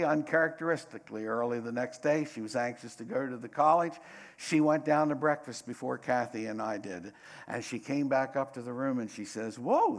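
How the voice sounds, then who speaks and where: A middle-aged man preaching a sermon, dramatic, swinging between loud bursts and hushed asides. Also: medium pitch, gravelly.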